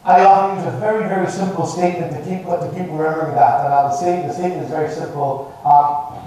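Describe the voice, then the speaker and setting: Male presentation coach, higher voice, emphatic delivery, captured from a distance in a reverberant room. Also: fairly even intonation, quick pace, dark tone, slight background noise. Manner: emphatic, varied intonation, some repeated words. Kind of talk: live training talk. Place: training room with contestants. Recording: very echoey room, mic far off.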